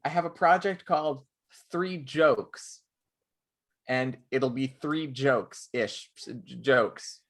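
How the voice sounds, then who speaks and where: Bright-voiced playful podcast guy. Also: medium pitch, slow. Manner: playful, dramatic what-ifs. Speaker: podcast co-host. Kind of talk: casual chat.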